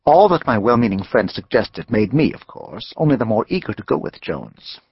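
A man narrating a western novel as an audiobook, in a measured storytelling manner. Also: on the low side, sing-song, slightly rough, highs cut off.

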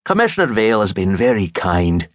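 A man's voice: on the low side, big pitch swings, a little fast, no echo, studio quality. A male audiobook narrator voicing a wry, talkative former Scotland Yard inspector turned private detective.

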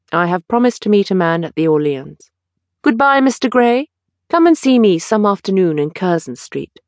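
A woman voicing a witty, languid aristocratic gentleman with a drawling, teasing manner. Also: lowish voice, no room sound, studio quality. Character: languid witty older aristocrat, mildly mocking.

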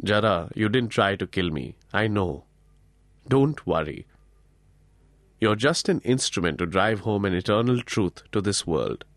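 A serene divine lord speaks gently and calmly, consoling the listener, as a man voices him in an audiobook. His voice sits fairly low and stays measured and soothing. The recording is dry and close-miked. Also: no room sound. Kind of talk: audiobook character voice.

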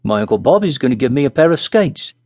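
A man voicing a curious young schoolboy in a storybook reading, with a bright, questioning lilt. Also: medium pitch, very animated, fast talker, no room sound, voice pushed up.

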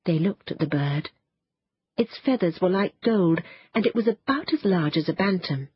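A woman narrating a children's storybook in a lively, expressive way. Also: on the low side, normal speed, husky, no echo. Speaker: audiobook narrator. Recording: dull, muffled dry studio sound.

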